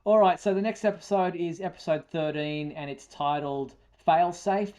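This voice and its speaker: A man's voice: fairly high pitch, normal speed, mellow, dull audio. A man with a New Zealand accent hosting a live fan chat show, talking casually with plenty of fillers and restarts. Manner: talkative, lots of fillers and restarts. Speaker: podcast host.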